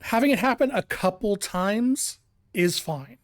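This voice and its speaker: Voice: medium pitch, lively intonation, a little slow, no room sound, clean studio sound. Rambling, laughing game streamer. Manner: rambling, laughs often, restarts sentences. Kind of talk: casual live-stream commentary.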